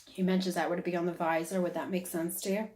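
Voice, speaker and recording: A woman's voice: fairly low pitch, flat delivery, fast, darkish tone. A woman giving a casual psychic reading who talks on and on and keeps checking "is that correct?". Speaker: psychic medium. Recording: roomy echo.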